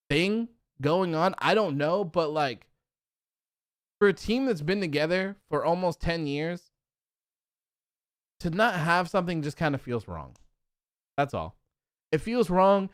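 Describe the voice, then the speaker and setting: A man with a somewhat high-pitched voice hosts a casual live stream, his talk loose and full of fillers as he reads chat comments aloud. His voice is smooth and clear, recorded close and dry with no room sound. He keeps spiraling into exasperated rants. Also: dry recording. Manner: chatty, many fillers, builds into exasperated rants. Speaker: host of a wrestling post-show live stream.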